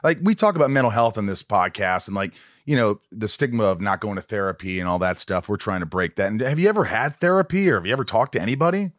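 A man hosting a podcast, telling stories animatedly and yelling out quoted lines in casual chat. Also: lowish voice, quick pace, few pauses, no echo, clean studio sound. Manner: animated storyteller, yells when acting out quotes. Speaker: podcast host.

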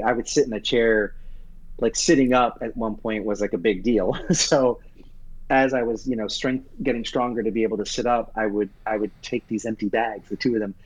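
In an interview, a man who acts on Broadway tells a personal story with earnest, halting emotion, often restarting his sentences. His pitch is fairly low, and the recording sounds dull and lo-fi.

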